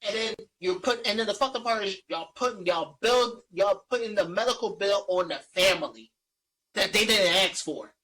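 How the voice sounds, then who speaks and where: Bright-voiced man ranting in a casual chat. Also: sits high, normal speed, poor audio. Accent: Philadelphia. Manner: heated, profane, repeats himself while ranting. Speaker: podcast co-host.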